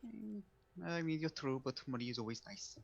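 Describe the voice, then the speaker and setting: A man's voice: fairly high pitch, sing-song, normal speed, gravelly, muffled recording. A man playing a tabletop game over a call, joking wryly in and out of character. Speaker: player.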